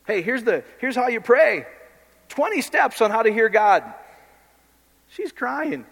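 A man preaching with blunt, impassioned conviction, talking straight to the people in front of him. His voice sits a bit higher than most men's. It rings out with a long reverb, as in a large hall. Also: big pitch swings, moderate pace, fairly bright tone. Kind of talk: informal sermon.

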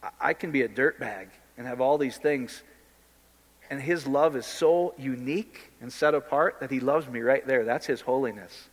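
A man's voice: mid-range voice, normal speed. A man preaching an informal sermon in a blunt, impassioned, conversational way, often addressing the listeners directly. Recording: long hall reverb.

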